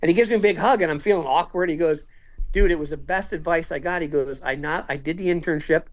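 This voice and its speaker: A man's voice: a little high, fast talker. A man in his fifties telling a story in casual conversation, acting out what each person said. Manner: animated, acts out quoted dialogue. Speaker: podcast guest.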